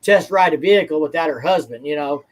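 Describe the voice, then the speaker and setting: A motorcycle vlogger from the Ozarks in the United States chats casually in a folksy, rambling style. His voice is a little high and his pace quick, captured on a rough recording.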